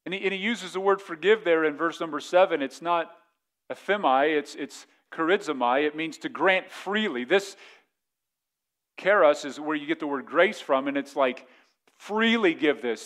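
A man's voice: fairly high pitch, normal speed, a bit bright. A man preaching as a pastor in a conversational way, often repeating words and asking the congregation questions. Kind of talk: sermon.

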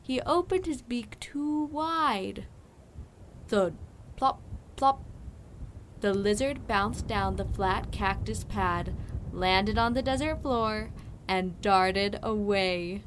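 Woman narrator, children's audiobook, very unhurried, clear storytelling, mid pitch. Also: slight background noise, poor audio.

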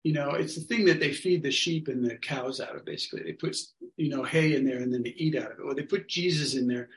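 A man casually telling a story to an online study group, acting out what people said in lively quotes. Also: medium pitch, quick pace. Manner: animated, acts out other people's lines. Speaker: workshop leader telling a story. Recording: echoey room sound.

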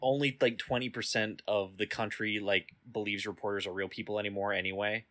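Gaming-chat regular: teasing, profane man with a sharp, bright tone. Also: lowish voice, steady tone, brisk.

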